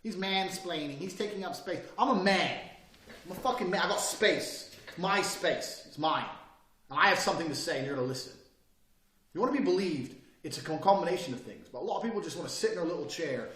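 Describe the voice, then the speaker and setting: Man, emphatic and crude, lecturing, animated pitch, roomy sound, distant mic. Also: fast talker, slight background noise. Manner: brash, profane, emphatic, mocks hesitant speakers. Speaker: online course presenter. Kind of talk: lecture on body language and speaking.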